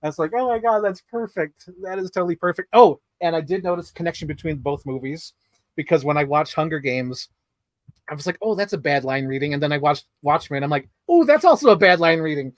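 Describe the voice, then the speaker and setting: Animated man, slightly high, dry sound. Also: fairly quick, dry recording. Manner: animated, laughs often, acts out movie lines. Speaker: podcast co-host. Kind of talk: casual film discussion.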